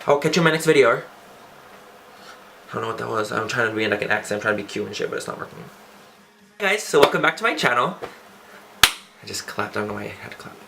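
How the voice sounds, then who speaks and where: A man's voice: fairly low pitch, a little fast, vocal fry, long pauses, very noisy. A young man chatting casually through a makeup tutorial, campy and playful, swearing for fun. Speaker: beauty vlogger.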